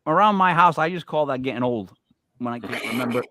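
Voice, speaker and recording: A brash, joking male host who talks fast and stubbornly in a casual interview. His voice sits at an ordinary pitch. The recording is dry, with little room sound. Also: lively intonation, sharp tone, no room sound. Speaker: podcast host.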